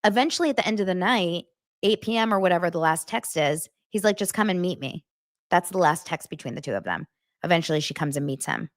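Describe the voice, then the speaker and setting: A woman's voice: on the low side, animated, fast talker, no echo, clean studio sound. A woman hosting a casual commentary vlog, talking frankly and chattily with frequent asides. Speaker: host.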